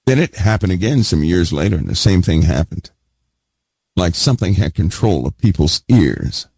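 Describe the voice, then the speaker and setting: Emphatic gravelly-voiced male preacher. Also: low voice, big pitch swings, normal speed, a little mellow, dry recording. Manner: emphatic, repeats key words, asks the audience questions. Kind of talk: sermon teaching.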